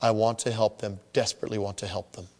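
A man's voice: fairly low pitch, quick pace, long reverb tail. A man preaching a sermon, acting out the voices of people who complain about their troubles. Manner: animated, acts out voices of complainers. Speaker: pastor.

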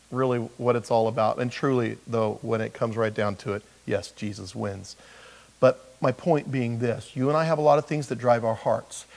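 Middle-aged man, pastor, animated sermon, fairly high voice, chatty. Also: low-quality recording. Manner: animated, conversational preaching with jokes and rhetorical questions.

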